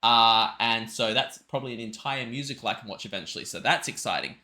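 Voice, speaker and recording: A man hosting a music reaction video, excitable and rambling, often restarting his sentences. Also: mid-range voice, fast. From Australia. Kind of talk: casual reaction commentary.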